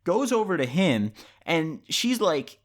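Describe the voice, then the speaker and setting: A man's voice: on the high side, big pitch swings, takes it slowly. A man telling a story for his vlog in a casual, rambling way, full of "like" and swearing. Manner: rambling, heavy use of "like" and profanity. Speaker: vlogger.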